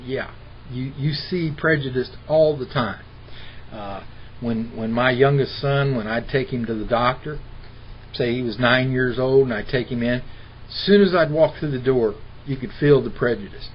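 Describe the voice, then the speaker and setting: A man's voice: medium pitch, normal speed. Indignant middle-aged man, lo-fi recording. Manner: argumentative, mimics the people he quotes. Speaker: interview guest. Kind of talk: impassioned personal storytelling. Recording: dull lo-fi recording with faint hiss.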